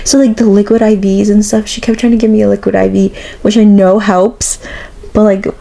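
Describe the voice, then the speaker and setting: A woman's voice: mid-range voice, little pitch movement, fairly quick, gravelly, warm tone, low-quality recording. A young woman co-hosting a casual podcast, telling a story with frequent laughs, likes and restarts. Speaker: podcast co-host. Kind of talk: casual chat.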